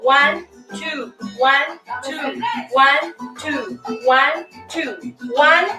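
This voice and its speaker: A high-pitched woman with a Cuban Spanish accent leads a lively dance lesson as host, counting out the steps rhythmically. She talks at an unhurried pace. Her voice comes from a distance in a roomy space, with faint music behind her. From Cuba. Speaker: show host and dance teacher.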